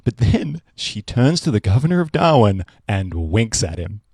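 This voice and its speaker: A man narrating history as comedy, with sarcastic deadpan asides. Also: lowish voice, normal speed, breathy edge, no echo, clean studio sound. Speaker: history storyteller.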